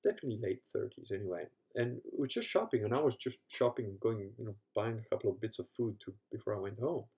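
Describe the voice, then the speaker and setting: A man's voice: on the low side, lively intonation, fast talker, few pauses, darkish tone. Profane rambling man telling stories. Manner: profane, rambling, laughs often, voices others in quotes. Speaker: podcast host. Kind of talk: casual storytelling chat.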